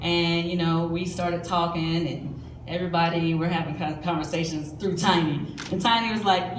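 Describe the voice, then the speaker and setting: Relaxed woman singer, lowish voice. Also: normal speed. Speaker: singer being interviewed. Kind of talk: casual interview answer. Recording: echoey press room with clear background noise.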